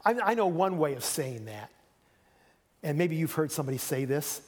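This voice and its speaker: A male preacher delivers a sermon in a conversational tone, repeating himself for emphasis and slipping into the voices he quotes. His voice sits high for a man. A long reverb rings around him, as in a large hall. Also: animated, moderate pace.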